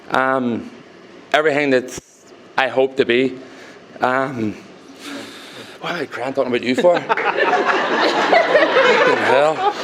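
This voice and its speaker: A young man giving a groom's wedding speech to guests at a reception, halting with many ums, turning teary between jokes. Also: mid-range voice, slight background noise.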